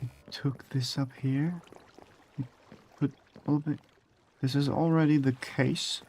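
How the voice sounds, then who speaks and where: A man's voice: mid-range voice, steady tone, slow, darkish tone, slight background noise. Swearing young man narrating his building. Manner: chatty, swears a lot, talks to himself while building. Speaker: gaming streamer. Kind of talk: casual gameplay commentary.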